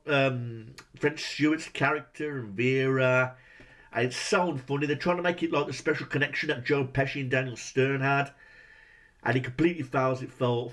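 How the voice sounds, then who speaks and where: A man ranting through a movie review, exasperated and swearing heavily, firing off rhetorical questions. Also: mid-range voice.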